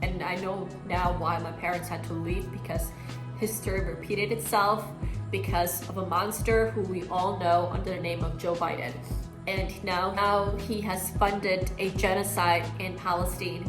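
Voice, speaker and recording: A young woman vlogger gives a candid, outspoken, and emotional monologue recapping her year. Her voice is fairly low in pitch, with a steady tone at normal speed, recorded in an echoey room with music underneath.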